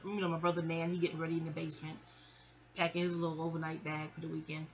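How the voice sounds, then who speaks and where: A woman's voice: sits low, quick pace. A woman, telling a casual, rambling family story. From New York City. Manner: chatty, animated, digressive.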